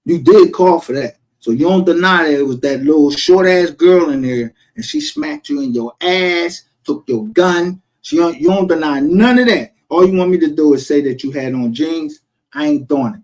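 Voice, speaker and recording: A man's voice: a little high, expressive, moderate pace, a little mellow. A man streaming a casual, profane rant, heated and defensive.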